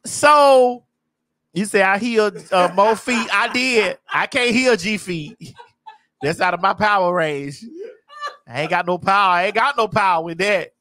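A woman hosting a casual chat show, telling a story loudly and dramatically and breaking into laughter. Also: mid-range voice, measured pace. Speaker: host.

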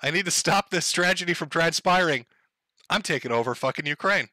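A man's voice: fairly high pitch, expressive, a little fast, sharp tone, no room sound. A man putting on a crude, blustering impression of a male world leader ranting and swearing in his own voice. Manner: profane, blustering.

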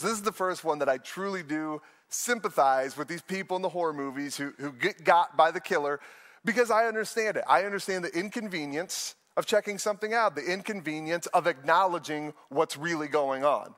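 A young adult man preaching a sermon to an online audience, telling stories with lively acted-out voices. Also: fairly high pitch. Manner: animated storytelling, acts out voices in anecdotes. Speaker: pastor.

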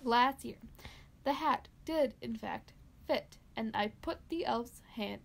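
Brief: woman podcast co-host, fairly high gravelly voice, dramatic story reading. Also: takes it slowly. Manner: dramatic reading, laughs between lines. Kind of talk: reading a horror story aloud with banter.

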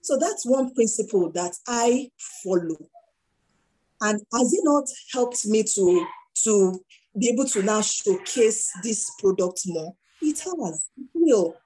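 A middle-aged woman with a Nigerian accent talks through her stories in an interview. She slips into the voices of the people she quotes, and her tone stays mellow and warm throughout. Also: medium pitch, takes it slowly, rough recording. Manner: animated storyteller who acts out dialogue. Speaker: guest entrepreneur. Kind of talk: conversational interview.

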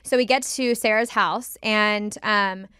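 A woman guest on a casual podcast, telling a story in an animated way and swearing freely, close to the mic. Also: mid-range voice, slow, clear, resonant tone, no room sound.

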